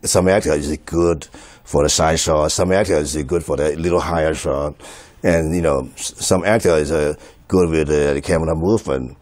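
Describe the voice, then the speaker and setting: Deep-voiced man, halting commentary. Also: steady tone, a little mellow, dry recording. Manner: halting, many fillers and restarts, chuckles often. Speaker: film director. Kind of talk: film commentary, recalling a shoot.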